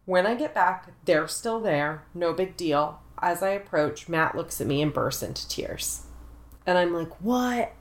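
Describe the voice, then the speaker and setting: A woman's voice: lowish voice, measured pace, roomy sound. Playful woman podcast co-host. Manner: playful, joking storyteller. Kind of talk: casual chat.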